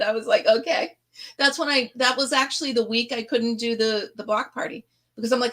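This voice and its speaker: Casual host: a chatty middle-aged woman from upstate New York, slightly high voice, laughs a lot. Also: fairly even intonation, moderate pace, fairly bright tone. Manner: chatty, laughs often, tells stories with quoted voices. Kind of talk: casual chat.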